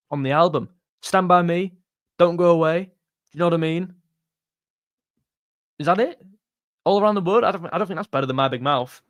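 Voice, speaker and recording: On a relaxed livestream, a young music channel host reads out chat messages, joking and calling viewers mate. His pitch is fairly high. It's a dry recording with clean studio sound.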